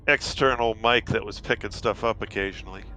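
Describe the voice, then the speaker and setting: A man's voice: on the low side, fairly even intonation, fairly quick, pushed and bright, a little hiss or hum. A man chatting casually on a headset in a group voice chat, rambling with many fillers, a little tipsy and half asleep.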